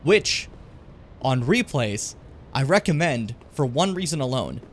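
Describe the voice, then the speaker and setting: A man's voice: medium pitch, sing-song, measured pace, a little hiss or hum. A young man from Edmonton, Canada, rambling and joking as he plays a video game, swearing often. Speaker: streamer. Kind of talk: casual gameplay commentary.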